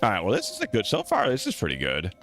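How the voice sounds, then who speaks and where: A man streaming a game, commenting in an excitable, joking way with swearing and laughter. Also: on the low side, fast, soft background music. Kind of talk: let's-play commentary.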